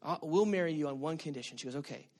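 A middle-aged male pastor preaching a sermon, telling stories with animated energy and shouting at the high points. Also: quick pace. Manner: animated storytelling, shouting at peaks.

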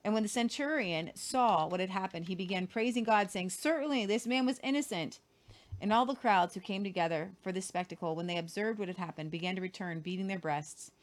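A woman's voice: medium pitch, brisk. A woman co-hosting a Christian show, reading scripture aloud with casual commentary. She reads earnestly and sometimes stumbles and repeats words.

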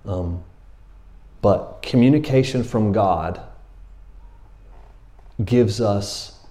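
A middle-aged man preaching a sermon, telling a story in a casual, animated way with slang and laughs. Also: lowish voice, extremely slow. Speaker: pastor.

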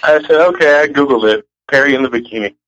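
A man on a podcast panel, laid-back and animated, tossing in "man" as he talks. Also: mid-range voice, fast talker, no room sound, lo-fi sound. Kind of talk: casual panel chat.

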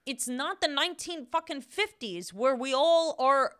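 A woman's voice: high-pitched, animated, measured pace, fairly bright tone. A young woman co-hosting a podcast, ranting bluntly and emphatically, with frequent swearing. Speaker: podcast co-host. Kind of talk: casual chat.

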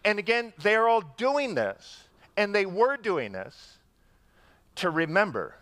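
A man's voice: sits high, unhurried, no echo. A man preaching a teaching sermon, explaining and inviting the congregation to repeat words with him. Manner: animated, leads the congregation in call-and-response. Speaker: pastor.

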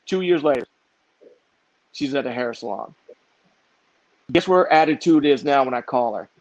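A man's voice: mid-range voice, normal speed, dry recording. A middle-aged man, a motivational speaker and author, telling stories in an emphatic, repetitive, preachy way. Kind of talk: motivational storytelling interview. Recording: dull muffled dry audio.

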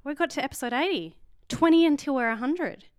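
A woman's voice: high-pitched, brisk, dry recording, studio quality. A young woman co-hosting a podcast in rambling casual chat with laughing asides. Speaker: podcast co-host.

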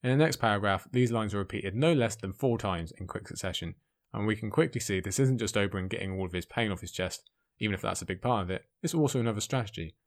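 A man giving an excited commentary on a fantasy book, speaking emphatically between the passages he reads out. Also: on the low side, fast. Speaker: book reviewer.

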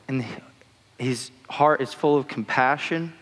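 A man's voice: medium pitch, lively intonation, moderate pace, a bit bright. A young adult man preaching a casual sermon in a chatty way, full of fillers like "like" and "you know". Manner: conversational, uses many fillers like "like" and "you know". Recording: long hall reverb.

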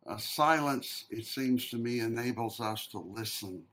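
A man leading a Bible study discussion, speaking in a slow, measured, reflective way and posing questions to the group. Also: medium pitch, fairly bright tone. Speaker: discussion leader.

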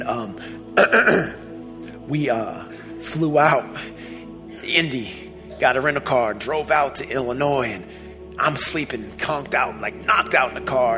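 A man in his thirties telling a personal story with lively energy, jumping between loud exclaiming bursts and hushed, low telling. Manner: excitable, swings from shouting to hushed. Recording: music playing behind.

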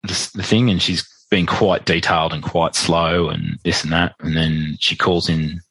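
A man's voice: deep voice, level tone, normal speed, fairly bright tone, breathy edge, no echo. A father who is a podcast guest, telling a personal story in a chatty way, re-enacting dialogue with lots of "like" fillers.

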